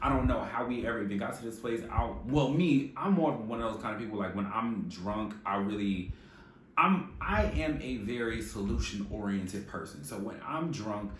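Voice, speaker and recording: A man's voice: fairly low pitch, lively intonation, moderate pace. A man giving a casual, opinionated TV recap, sassy and profane, full of slang. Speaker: reality TV recap host. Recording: echoey room with faint noise.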